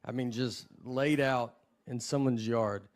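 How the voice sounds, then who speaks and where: A man doing stand-up comedy at a live show, telling stories in a low-key, rambling, self-deprecating way into a handheld mic. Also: measured pace. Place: live comedy venue with audience.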